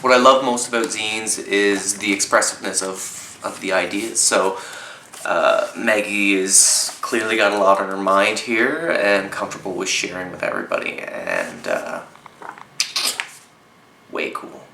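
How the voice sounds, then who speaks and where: Bright-voiced, enthusiastic Canadian man. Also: sits low, lively intonation, a little slow, gravelly, reverberant, a little hiss or hum, rough recording. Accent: Canadian English. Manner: enthusiastic, chatty, swears casually. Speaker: zine reviewer. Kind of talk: casual review vlog.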